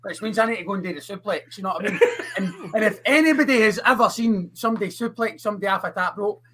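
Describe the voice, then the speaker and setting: A man's voice: high voice, fast, pushed and bright, slight background noise. A man with a Scottish accent, a podcast co-host joking casually and swearing freely. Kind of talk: casual chat.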